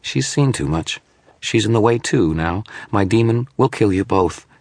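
A man's voice: fairly low pitch, lively intonation, moderate pace, darkish tone, dry recording, pitched above the performer's own voice. A man doing a sneering shadow sorcerer. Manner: supremely confident, scornful. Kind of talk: audiobook character voice.

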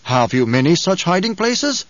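A man voicing a loyal veteran male soldier who speaks in an earnest, slow and weighty way. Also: high voice, sing-song, no room sound, lo-fi sound, pitched above the performer's own voice.

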